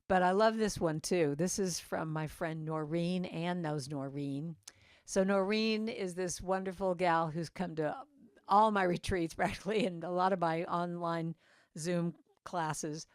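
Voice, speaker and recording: Low-voiced woman giving a chatty church talk. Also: a little slow, clean tone, dry recording, studio quality. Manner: chatty, meandering, with asides to audience members. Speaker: guest speaker at a church service. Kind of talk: inspirational talk to a congregation. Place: church sanctuary.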